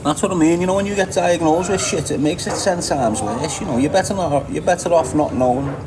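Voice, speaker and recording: A man's voice: fairly high pitch, fairly quick, noisy background. Blunt, swearing Liverpool man. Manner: blunt, heavy swearing, frequent laughter. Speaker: livestream host. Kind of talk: casual livestream chat reading viewer comments.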